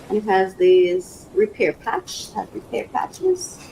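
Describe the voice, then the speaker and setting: A woman's voice: medium pitch, lively intonation, unhurried, few pauses, darkish tone, slight background noise, low-quality recording. A woman hosting her own podcast, chatting casually and bubbly as she unboxes a product, laughing often. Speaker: podcast host.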